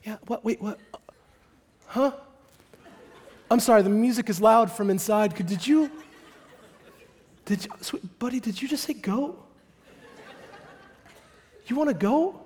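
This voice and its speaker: A pastor voicing a gentle father who stammers in disbelief at his son's complaint. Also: very high-pitched, measured pace, long pauses, voice pushed up. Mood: incredulous. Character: baffled, gentle father, older man.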